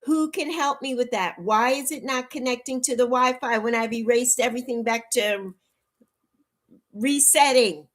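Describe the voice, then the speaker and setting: Flustered high-voiced woman in her sixties. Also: moderate pace. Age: 60s. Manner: flustered, pleading, greets chatters warmly by name. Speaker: livestream host. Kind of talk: casual livestream chat. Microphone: laptop mic.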